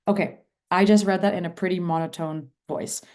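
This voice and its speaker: A woman's voice: lowish voice, steady tone, brisk, a little mellow. A woman presenting an online mentorship workshop over a video call, talking with enthusiasm and emphasis.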